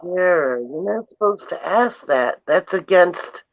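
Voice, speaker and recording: A woman guest in casual chat with a gravelly voice, speaking haltingly and trailing off. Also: fairly low pitch, expressive, no room sound. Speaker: livestream guest. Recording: dry lo-fi audio.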